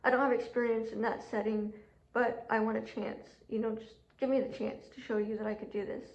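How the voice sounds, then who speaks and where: A woman talking casually to camera about her own experiences, chatty and animated, with lots of fillers and quoted self-talk, and a sore throat. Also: on the high side, a little fast. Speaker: job seeker telling her story. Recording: echoey room, dull lo-fi audio.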